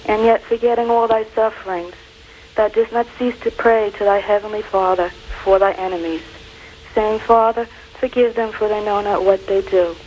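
A woman caller recites a formal prayer in an earnest, devout, measured voice of middling pitch. Faint hiss runs under the line. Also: fairly even intonation, a little mellow, dull audio.

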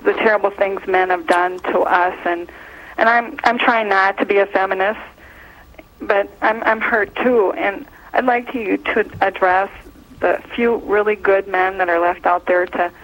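A woman's voice: mid-range voice, fairly even intonation, measured pace, a bit bright. A woman from Minnesota calling in to a religious show, talking in a gushing, rambling, earnest way. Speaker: caller. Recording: caller over a phone line.

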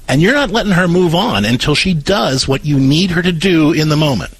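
A man co-hosting an advice call-in radio show, explaining parenting steps in a coaching, gently firm manner. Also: a little high, lively intonation, a little fast, few pauses, breathy edge, no room sound, rough recording. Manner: coaching, step-by-step, warm but firm.

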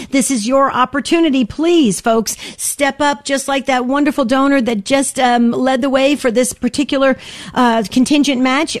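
A woman co-hosting a radio pledge drive in a studio, urging listeners on with energetic, pleading appeals. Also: fairly high pitch. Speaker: radio fundraiser co-host. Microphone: studio mic.

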